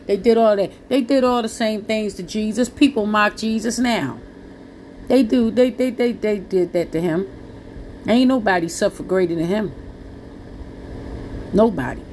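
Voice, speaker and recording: A woman's voice: medium pitch, normal speed, long pauses, a little mellow, slight background noise. A woman with speech, preaching to listeners in an earnest, pleading, blunt way. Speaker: Christian preacher.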